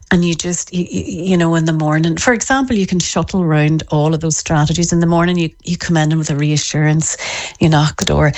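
A woman, a parenting author explaining her ideas in an interview in a lively way. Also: sits low. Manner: lively, acts out parents' voices in quotes. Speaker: parenting author and expert guest.

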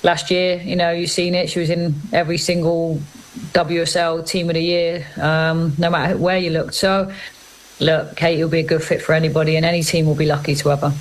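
Female football manager, monotone and emphatic, interview clip. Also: low-pitched, fairly quick, low-quality recording.

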